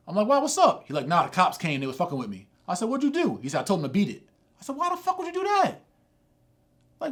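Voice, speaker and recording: A middle-aged man telling a streetwise, profane story from his life as a sermon, dropping low and quiet, then rising loud and high.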